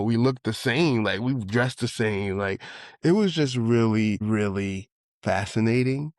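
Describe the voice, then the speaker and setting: A man in his forties from Brooklyn speaks with a New York accent in a low, easygoing voice. He rambles through a personal story and jumps up in pitch when he acts out what other people said. The recording is dry and close, with no room sound. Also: no room sound. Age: 40s. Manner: loose, conversational, acts out quotes with excited higher voice. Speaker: podcast host. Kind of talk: reflective casual storytelling.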